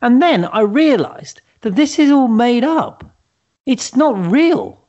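London male co-host, animated pitch, somewhat dull muffled sound, opinionated. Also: takes it slowly. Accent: London English. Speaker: podcast co-host. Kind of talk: casual chat.

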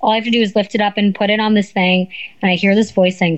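A woman guest telling a story in a casual interview, animated and swearing, acting out what people said. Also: mid-range voice, fast talker, rough recording. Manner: animated, swearing, acts out quotes. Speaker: guest, former reality show contestant.

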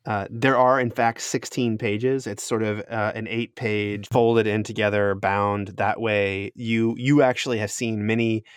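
A man's voice: on the low side, level tone, unhurried, few pauses, smooth, dry recording, studio quality. A man running a tabletop game as game master, narrating scenes in a descriptive, easygoing way and laughing often.

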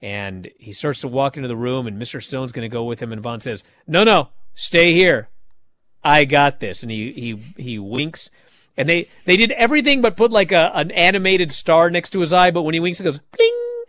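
Animated male host recapping wrestling. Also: a little high, fairly quick, no echo. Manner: animated storytelling with mocking impressions. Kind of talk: casual recap chat.

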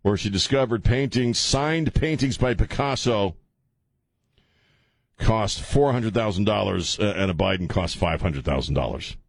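A man's voice: fairly low pitch, animated, a little slow, creaky, no room sound, studio quality. A man hosting a talk radio show, rambling and joking with frequent laughs and filler stumbles. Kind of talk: casual talk radio monologue.

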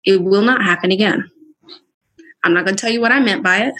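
Young female guest, straight shooter, husky bright tone, live-stream chat. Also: medium pitch, a little fast. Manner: blunt, straight-talking, animated. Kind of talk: candid conversation. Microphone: Instagram live stream.

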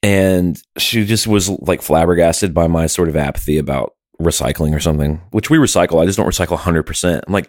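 A man's voice: low-pitched, brisk, few pauses, no echo, studio quality. A middle-aged man co-hosting a podcast, talking in crude, joking casual chat. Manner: crude, joking, plays bits. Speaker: podcast co-host.

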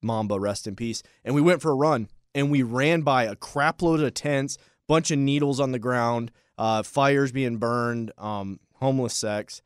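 A man's voice: mid-range voice, a little slow, few pauses, clear, resonant tone, no echo, studio quality. A man co-hosting a podcast in casual chat, telling rambling stories and joking. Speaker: podcast co-host.

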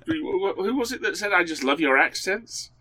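A man's voice: sits high, lively intonation, moderate pace, pushed and bright, husky. A man guest-hosting a podcast, chatting with dry humour and lots of hesitations. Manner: hesitant, dry humorous, many fillers. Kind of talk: casual podcast chat.

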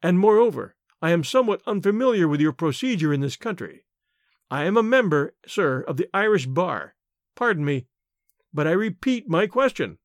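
A man reading an audiobook, voicing a calm, witty Irish male lawyer who speaks slowly and courteously. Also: high-pitched, no room sound, clean studio sound. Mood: composed. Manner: slow, courteous, unruffled.

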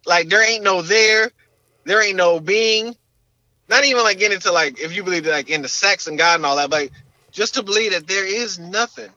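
A young man co-hosting a podcast, talking in an animated, slangy way and leaning on filler words. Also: sits high, moderate pace, dry recording, muffled recording. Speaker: podcast co-host. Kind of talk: casual podcast chat.

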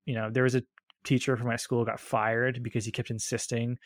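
A young American man co-hosting a podcast, telling animated stories about church culture with many restarts. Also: mid-range voice, fairly quick, dry recording, clean studio sound. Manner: animated storyteller, frequent restarts. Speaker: podcast co-host.

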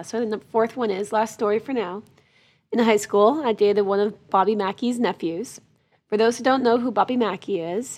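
A woman co-hosts a casual podcast, chatting and reading listener stories aloud. Her voice sits in a middle pitch, and she reacts readily with sympathetic little sounds. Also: breathy edge. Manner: chatty, reacts warmly with gasps and aws. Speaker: podcast co-host.

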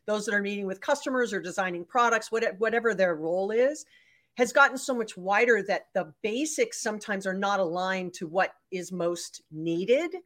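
A woman's voice: mid-range voice, fairly bright tone. Chatty woman host asking long questions. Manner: chatty, rambling, frequent fillers and quick laughs. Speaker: interview host. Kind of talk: conversational interview.

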